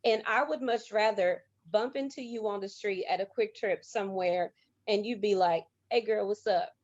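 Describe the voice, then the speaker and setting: A woman sharing her dating experiences on a panel with a lot of emphasis and animation. Her pitch sits in the middle range. The recording is dry and slightly muffled. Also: steady tone, moderate pace, no echo. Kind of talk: casual panel discussion.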